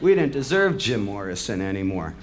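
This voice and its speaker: With a lowish voice, big pitch swings and a brisk pace, a man rails through a passionate spoken-word monologue, bitter and sardonic. Swearing freely, he heats up and builds to angry outbursts.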